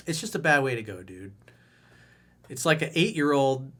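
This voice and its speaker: Blunt, animated middle-aged male dating coach. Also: brisk. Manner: blunt and animated, acting out quoted outbursts in loud high voices. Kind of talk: video newsletter advice monologue.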